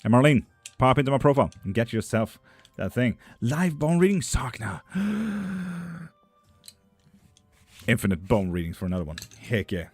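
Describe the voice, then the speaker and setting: A man's voice: medium pitch, sing-song, normal speed, long pauses, breathy edge, faint music behind. A man reading tarot and bones on a live stream. He reads viewer questions aloud in a lifted voice, then answers them in a dry, teasing way in casual chat.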